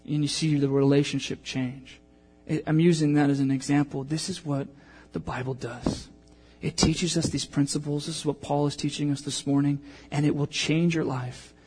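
A man in his thirties preaches a sermon to his church. He speaks in a fairly high voice and slips into the voices of the people in his story as he tells it. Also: normal speed, soft background music. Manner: animated storytelling, acting out quotes. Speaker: pastor.

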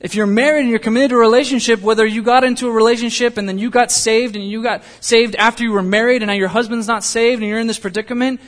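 A man's voice: very high-pitched, steady tone, fast talker, hardly any pauses. A young adult man preaching as a pastor, talking conversationally with jokes and personal asides. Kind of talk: sermon.

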